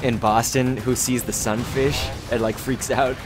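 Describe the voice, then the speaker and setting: A man's voice: mid-range voice, flat delivery, normal speed. A man hosting casual gameplay commentary, telling stories animatedly and laughing often. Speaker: host. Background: game music.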